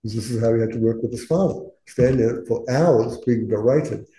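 Male Dharma teacher, casual and chatty, dark timbre, recorded in a reverberant room. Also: medium pitch, moderate pace. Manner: chatty, laughing, acts out quoted voices. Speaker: Buddhist teacher. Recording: roomy echo.

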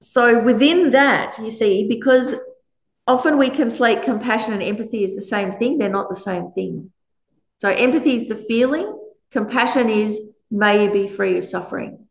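A woman speaks in a fairly high voice, giving an earnest dharma talk with animated, chatty asides. The recording is roomy and echoey, with a dull, lo-fi tone. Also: normal speed, creaky. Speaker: Buddhist teacher.

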